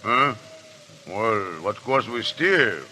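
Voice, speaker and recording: An actor playing a loyal pirate mate who speaks clipped, broken English in a 1930s radio play. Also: male voice, fairly low pitch, lively intonation, slow pace, pushed and bright, a little hiss or hum, heavily acted. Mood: obedient.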